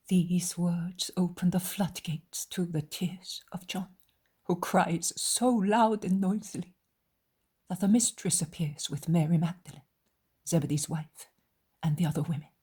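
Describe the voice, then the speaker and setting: Slow, hushed breathy woman narrator. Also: fairly low pitch. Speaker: audiobook narrator. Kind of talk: whispered audiobook narration.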